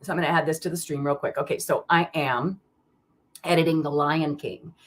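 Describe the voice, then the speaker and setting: Woman host, very deep voice, rambling live-stream chat with viewers. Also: steady tone, fairly quick. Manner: rambling, chatty, many fillers and restarts; greets viewers by name mid-sentence. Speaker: card reader hosting a live stream.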